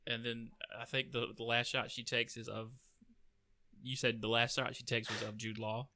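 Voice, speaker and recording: An easygoing young man in casual podcast chat, often answering with short agreeing replies. His voice is bright and crisp, and it sounds close and dry. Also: medium pitch, flat delivery, moderate pace, no echo. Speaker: podcast co-host.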